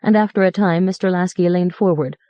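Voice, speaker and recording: A woman narrating a story aloud in an even, measured reading. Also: lowish voice, no room sound, highs cut off. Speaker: audiobook narrator. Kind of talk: scripted narration.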